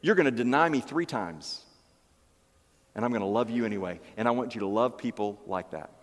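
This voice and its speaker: A man voicing Jesus as an earnest, gentle adult man speaking straight to his disciples in a sermon. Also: mid-range voice, animated, fairly quick, long reverb tail, voice pushed down, close to an everyday voice. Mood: tender.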